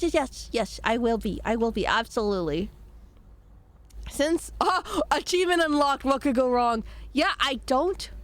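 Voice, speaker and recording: A woman streamer chatting playfully with her audience while playing a game, her voice slightly hoarse from a cold. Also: high-pitched. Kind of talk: casual game-stream chat.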